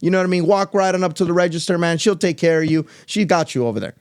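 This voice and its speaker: A high-pitched, fast-talking middle-aged man co-hosts a podcast. He relates a story in casual conversation, loose and animated, voicing the lines of others as he tells it.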